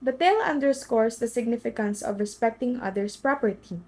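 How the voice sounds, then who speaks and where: A woman's voice: a little high, a little fast, darkish tone, slightly rough, poor audio. A woman reading a children's story aloud as storyteller, with slips and restarts.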